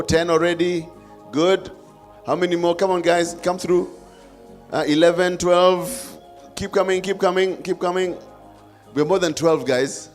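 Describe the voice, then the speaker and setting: A man with a Kenyan accent hosting a live forum, coaxing and playful with the audience. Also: a little high. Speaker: event host.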